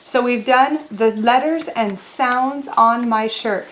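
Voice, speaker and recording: A woman teaching a children's lesson, talking slowly and clearly in a sing-song teacher voice to young kids. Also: fairly high pitch, a bit bright. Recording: roomy echo.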